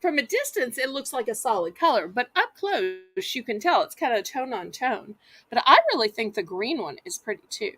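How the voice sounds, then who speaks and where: A woman's voice: fairly high pitch, sing-song, moderate pace, pushed and bright, slightly rough, faint music behind. A woman with a Southern US accent hosting a live online auction, chatting in a folksy way and talking straight to her viewers. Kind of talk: live-stream auction selling.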